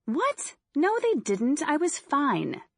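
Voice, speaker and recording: A fierce, cynical young woman survivor, put on by a woman narrating an audiobook, hoarse from screaming and pitched high with indignation. She snaps back defensively. The sound is dry and close. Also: quick pace, no room sound. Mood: exasperated. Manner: shouting, defensive, exasperated.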